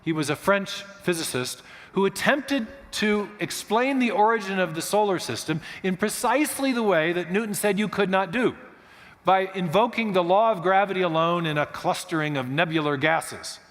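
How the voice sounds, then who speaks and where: A man with a fairly high voice tells a history lecture as a guest speaker in a church, lively in how he builds his points and clearing his throat now and then. His voice rings out with a long hall reverb around it. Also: moderate pace. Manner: animated storyteller, clears throat often. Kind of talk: lecture-style storytelling talk. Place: church auditorium.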